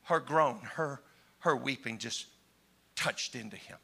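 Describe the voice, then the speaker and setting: Man preaching, bright forceful tone, hushed then shouting, impassioned sermon. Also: medium pitch, slow, gravelly, slightly rough.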